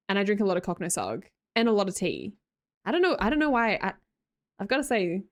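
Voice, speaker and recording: A young woman with an Australian accent chats away on a live stream. Her pitch swings widely as she talks, and she reads viewers' messages aloud and answers them in an easygoing way. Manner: chatty, laughs often, reads chat aloud. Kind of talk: casual chat with viewers.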